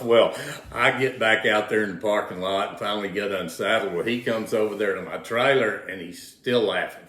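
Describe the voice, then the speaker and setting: Older guy, low voice, slow folksy storytelling, roomy sound. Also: a bit bright. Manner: folksy, drawn-out storytelling with repeated words. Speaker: interview guest, retired rodeo roper. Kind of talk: casual storytelling. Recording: roomy echo.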